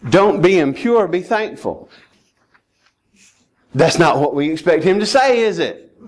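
A male pastor delivers a sermon in a somewhat high-pitched voice. He talks emphatically, pressing his listeners directly and pleading with them. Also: lively intonation, unhurried. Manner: emphatic, rising to urgent pleading.

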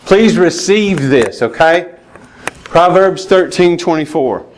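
A man's voice: fairly high pitch, lively intonation, takes it slowly. A man preaching a sermon, plainspoken and emphatic, with chuckles and asides to the congregation. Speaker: pastor.

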